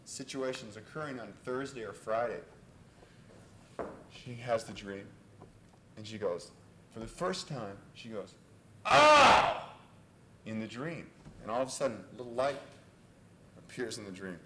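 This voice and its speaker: A man giving a university lecture in an animated storytelling way, on an old reel-to-reel tape. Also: lowish voice, normal speed, pauses often. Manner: animated, loud when acting out exchanges. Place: lecture hall. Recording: old reel-to-reel tape, echoey lecture hall, faint hiss.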